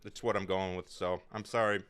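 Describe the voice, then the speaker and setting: A man's voice: sits low, steady tone, brisk, fairly bright tone, smooth. A man co-hosting a podcast, telling stories in casual chat, rambling and hesitant with many fillers. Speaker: podcast co-host.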